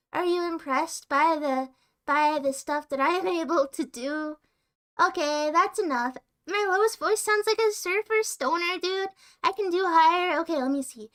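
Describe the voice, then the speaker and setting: A woman streamer chats casually to her viewers in a high, bright voice. She rambles playfully, stopping and restarting her sentences as she goes. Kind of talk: casual livestream chat.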